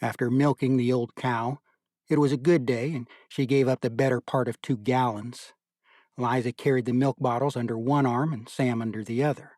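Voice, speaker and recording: Brief: male audiobook narrator, mid pitch, dry close studio sound, measured delivery. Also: steady tone, a little mellow, no echo. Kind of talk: scripted narration.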